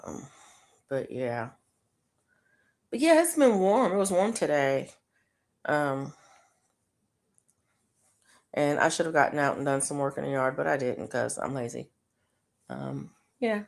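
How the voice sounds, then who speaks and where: A woman's voice: extremely low pitch, sing-song, a little slow, vocal fry, long pauses. A middle-aged woman hosting a live stream, chatting casually to viewers and crocheting as she talks, rambling with lots of ums and frequent laughs. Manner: crocheting while talking.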